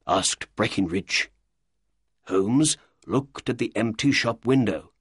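A husky male narrator reading an audiobook at a slow, careful pace, with a very animated melody. His voice sits close to the mic in a dry, dead-sounding recording. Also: on the low side, no echo. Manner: measured, deliberate reading.

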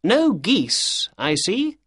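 An audiobook narrator performs a keen, sharp-witted male detective in a full character voice pitched high, well above his own, with a very lively, swinging melody and a husky edge. The detective asks brisk, polite, probing questions at an unhurried pace. The recording is dry and close, with no echo.

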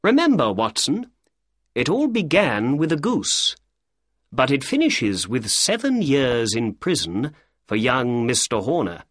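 A man voicing a keen, sharp-witted male detective who asks brisk, polite questions in an audiobook reading. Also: mid-range voice, wildly swooping pitch, no room sound, studio quality, voice pushed up. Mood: inquisitive.

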